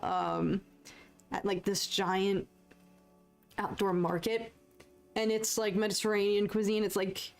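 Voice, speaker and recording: A young American woman chatting casually and excitably while painting on a live stream, joking at her own expense and answering viewers. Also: medium pitch, slow pace, pauses often, faint music behind. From United States. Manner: chatty, excitable, self-deprecating, reads chat aloud.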